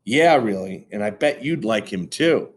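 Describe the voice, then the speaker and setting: A man's voice: on the low side, expressive, a little slow, husky. A man reading aloud, voicing a cocky fourth-grade boy who talks in a breezy, teasing way.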